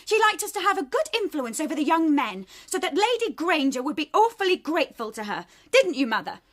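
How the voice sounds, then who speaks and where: An actress playing a bitter, rebellious young daughter in a radio drama, sarcastic and tearful by turns. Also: female voice, high-pitched, sing-song, fairly quick. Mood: accusing. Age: young adult.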